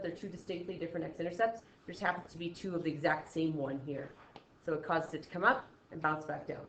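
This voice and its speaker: A woman's voice: on the low side, brisk, a little hiss or hum. Chatty woman teaching math, roomy sound. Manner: chatty, acts out student reactions, frequent "okay?" check-ins. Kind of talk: recorded classroom math lesson. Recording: slightly dull, roomy recording.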